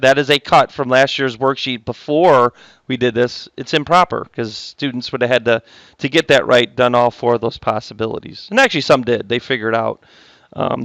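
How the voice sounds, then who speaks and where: A man's voice: mid-range voice, a bit bright, clear, resonant tone, dry recording. A man teaching math to a class, joking with the students and stopping often to correct himself. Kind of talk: classroom lecture.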